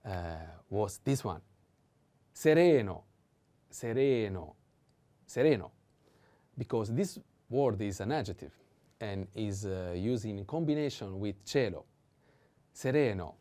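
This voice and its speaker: Man, Italian accent, language teacher, slow delivery, mellow dark tone, repeats words, hesitant fillers. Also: on the low side, expressive. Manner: slow and patient, repeats each word three times, hesitant fillers. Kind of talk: slow vocabulary lesson.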